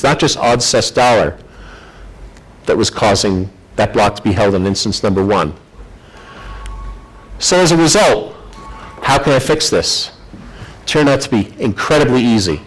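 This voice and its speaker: A man's voice: mid-range voice, poor audio. A man presenting a technical conference talk, telling the story in a chatty, self-deprecating way. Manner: animated storytelling, acts out quoted voices.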